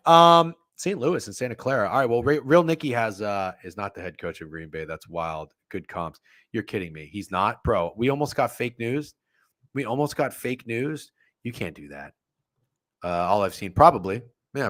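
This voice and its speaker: A man's voice: fairly low pitch, lively intonation, normal speed, fairly bright tone, no echo, studio quality. A young man hosting a sports betting stream, rambling and swearing as he reads chat comments and talks through games. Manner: profane, rambling, self-interrupting. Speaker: sports betting show host.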